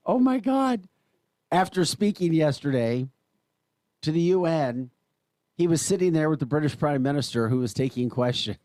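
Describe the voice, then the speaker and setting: A man's voice: on the high side, moderate pace, no echo, studio quality. A man with an American accent hosting a morning talk radio show, ranting in an emphatic, exasperated way. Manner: exasperated, emphatic, animated rants.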